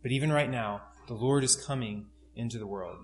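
A man's voice: medium pitch, brisk. Earnest young male preacher. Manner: earnest, storytelling with many fillers and restarts. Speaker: pastor. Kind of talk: sermon.

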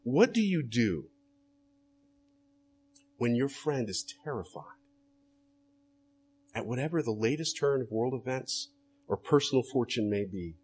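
A man's voice: medium pitch, lively intonation, unhurried, long pauses, darkish tone, slight background noise. A man preaching a sermon as a pastor, earnest and direct, often putting rhetorical questions to his listeners.

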